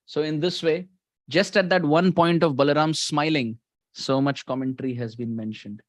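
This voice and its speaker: Indian male preacher, lively storytelling sermon, slightly high voice, dry close sound. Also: moderate pace, dry recording. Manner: animated, often laughing mid-sentence.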